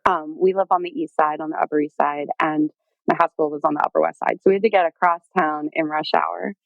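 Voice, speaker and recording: A woman's voice: deep voice, quick pace, vocal fry, dry recording, lo-fi sound. A woman guest telling her own story in a casual, chatty way, full of fillers and acted-out quotes. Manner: chatty, lots of "like" and "um", animated quoting.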